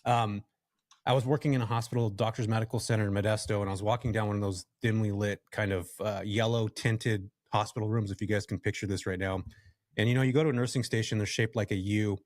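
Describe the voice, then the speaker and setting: A man from California, a podcast guest, telling a story from his working life in a casual, animated way and addressing the listeners directly. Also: fairly low pitch, fast talker, no echo, clean studio sound. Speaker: podcast guest, real estate investor.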